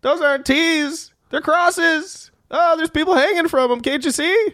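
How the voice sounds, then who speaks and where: A man voicing a whiny male rock merchant, with shrill, drawn-out insults in an improvised comedy sketch. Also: pushed and bright, no room sound, studio quality, full character voice. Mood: scornful.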